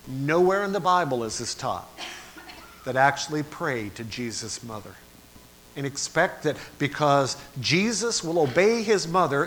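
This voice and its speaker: A man preaching with a bright, forceful voice that sits a little high for a man. He swings between hushed, low lines and loud, dramatic cries. Faint noise hums behind him. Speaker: pastor. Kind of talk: sermon.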